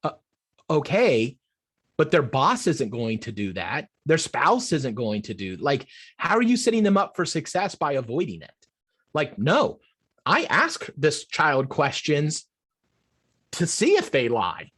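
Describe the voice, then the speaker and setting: A middle-aged man, an adoptive father, answering an interview question in an earnest, animated way, restarting his sentences often. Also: on the high side, a little slow, breathy edge. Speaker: podcast guest, adoptive father.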